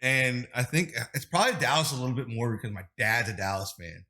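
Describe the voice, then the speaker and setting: This thirtysomething streamer, guesting on a podcast, talks a little fast in a mid-range voice. He chats casually, wandering through long stories with lively energy and plenty of filler words.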